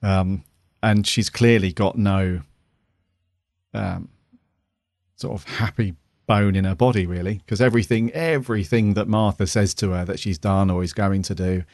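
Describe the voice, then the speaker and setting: Low-voiced man chatting casually. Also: steady tone, moderate pace, a little mellow, no echo, clean studio sound. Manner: rambling, lots of "you know". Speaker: podcast co-host. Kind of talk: casual review chat.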